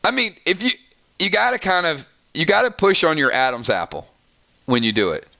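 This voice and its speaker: Bright, chatty man hosting a livestream. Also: a little high, gravelly. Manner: chatty and animated, quick asides, frequent "right?". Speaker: host of a gaming channel livestream. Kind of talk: casual livestream chat reading viewer comments.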